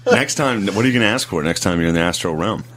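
A man's voice: deep voice, animated, fast, fairly bright tone. A man in casual chat, teasing his friend with laughing, joking banter.

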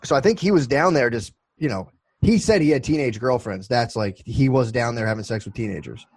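A man's voice: mid-range voice, lively intonation, a little fast, husky, dry recording, low-quality recording. A man in his twenties co-hosting a podcast, telling rambling, profane stories in casual chat. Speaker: podcast co-host.

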